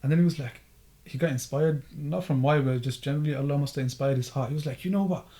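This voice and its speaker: A man telling a story in casual podcast chat, acting out the dialogue in it. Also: mid-range voice. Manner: fast, animated, acts out dialogue in the story. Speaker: podcast guest.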